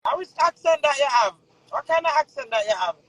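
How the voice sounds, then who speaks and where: A woman hosting a live stream, relaxed, playful and chatty. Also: sits high, brisk, poor audio. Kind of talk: casual live stream chat.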